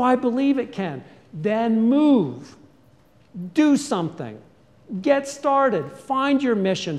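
A man's voice: high-pitched, a little mellow, long reverb tail. A man preaching a sermon in a church, earnest and questioning, building up to urgent calls to act. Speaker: pastor.

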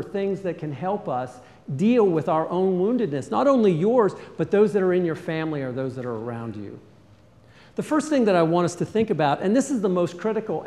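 Earnest preacher in a reverberant hall. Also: male voice. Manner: earnest, varies loudness, often drops to a soft low tone. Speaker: pastor. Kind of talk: sermon.

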